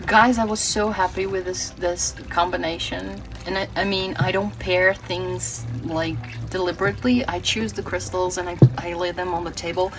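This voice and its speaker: A woman's voice: fairly low pitch, steady tone, normal speed, few pauses, low-quality recording. A woman from Brazil giving a tarot reading, earnest and emotional, often restarting her words. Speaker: tarot reader.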